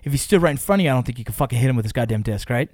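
A man telling a long story in casual chat, animated and full of swearing. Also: medium pitch, rapid-fire, dry recording, studio quality.

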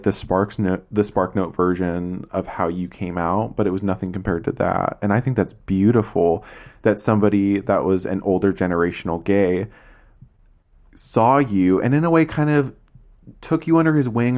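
A man's voice: on the low side, a little mellow. A man hosting a podcast, chatting in a casual, enthusiastic and playful way. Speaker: podcast host. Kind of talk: casual chat.

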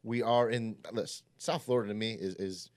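A man hosting a casual interview, chatty and quick, repeating his phrases as he goes. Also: on the low side, steady tone, darkish tone. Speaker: interviewer host.

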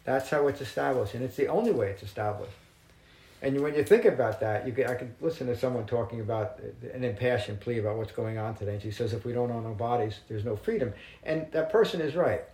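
A man teaching Buddhist texts to a small group, reading verses slowly and explaining them in a measured, reflective way. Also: medium pitch, mellow, reverberant, low-quality recording. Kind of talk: dharma talk to a small group.

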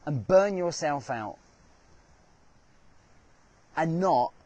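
A man's voice: a little high, lively intonation, very slow, darkish tone. A man hosting a motivational talk, speaking earnestly and repeating phrases for emphasis. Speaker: host.

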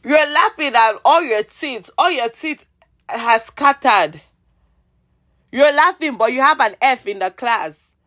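A woman's voice: animated, slow. Heated Nigerian woman ranting. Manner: heated, exasperated ranting with sarcastic jabs and repeated pleas; swings between loud outbursts and low mutters. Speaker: vlogger. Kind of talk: rant vlog.

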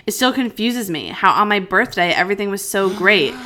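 A woman's voice: mid-range voice, expressive, brisk, sharp tone, slight background noise. A young woman in casual chat, giggly and self-mocking as she reads her old messages. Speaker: co-host reading old messages.

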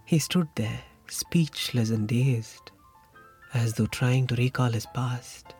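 A man narrating a short story in a measured, reflective way. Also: medium pitch, a little mellow. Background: faint music.

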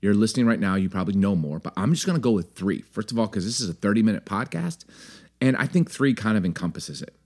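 A man co-hosting a podcast, chatting casually and playfully, often breaking into laughter. His pitch swings widely as he talks, and he sounds lively and good-humored throughout. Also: fast talker. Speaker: podcast co-host. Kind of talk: casual chat.

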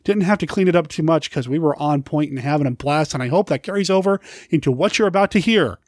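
A man's voice: fairly high pitch, lively intonation, fast talker, darkish tone, no echo, clean studio sound. A man hosting a podcast, thanking his listeners in a friendly, rambling way. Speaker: podcast host. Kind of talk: casual podcast intro.

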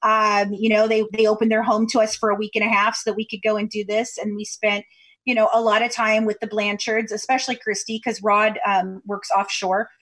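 A woman's voice: mid-range voice, level tone, brisk, fairly bright tone. A woman from Kentucky, a podcast guest, chatting over a video call in a chatty storytelling way with many fillers. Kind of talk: casual interview chat over video call.

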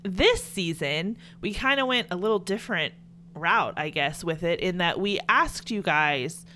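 Southern young woman co-host, animated pitch, playful chatty podcast talk, faint hum. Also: unhurried. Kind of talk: casual chat.

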